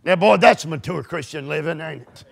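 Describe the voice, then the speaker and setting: A man preaching a sermon, fervent and folksy, often breaking into shouts. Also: a little high, normal speed, vocal fry. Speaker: pastor.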